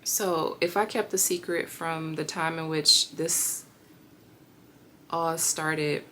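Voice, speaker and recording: A woman in her thirties candidly telling a personal healing story, reflective and pausing often. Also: low voice, fairly even intonation, fairly bright tone, a little hiss or hum. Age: 30s. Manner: reflective, with pauses and fillers. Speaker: vlogger sharing a healing story.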